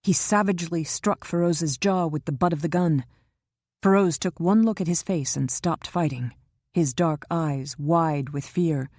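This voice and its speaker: A woman narrating a crime thriller audiobook in a steady storytelling manner. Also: deep voice, unhurried, dry recording, studio quality.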